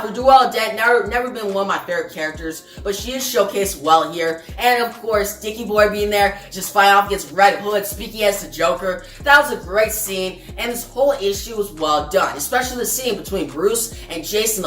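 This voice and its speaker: A woman's voice: mid-range voice, fairly bright tone. Chatty woman reviewing comics, roomy sound. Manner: chatty, loose, addresses viewers as guys. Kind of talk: casual spoken review. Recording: roomy, distant mic, faint music.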